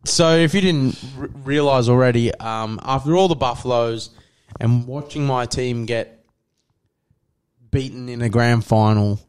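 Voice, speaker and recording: Unhurried and a little mellow, this young man's medium-pitched voice sounds clear and resonant. As a podcast co-host in casual chat, he rambles through lengthy tales of a night out with friends, quoting them amid lots of fillers.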